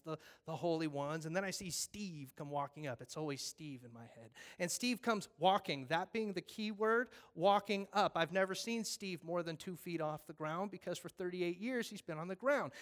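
A man preaching a sermon, animated, acting out scenes with voices and pleading earnestly. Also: fairly high pitch. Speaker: pastor.

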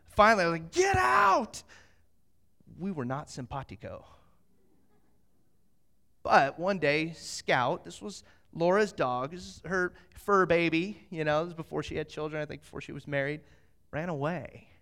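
A middle-aged man preaching a sermon, moving from slow scripture reading to lively, animated storytelling. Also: fairly high pitch. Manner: animated storytelling, acts out quotes. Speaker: pastor.

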